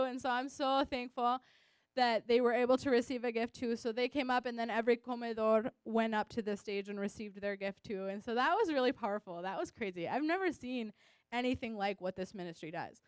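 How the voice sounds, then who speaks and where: A woman's voice: fairly high pitch, fairly quick, smooth, no echo. A young adult woman, a missionary teacher, giving a casual personal testimony in a chatty way, full of "like", laughing often and acting out what she said at the time. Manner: chatty, frequent "like", laughs often, acts out her own past remarks.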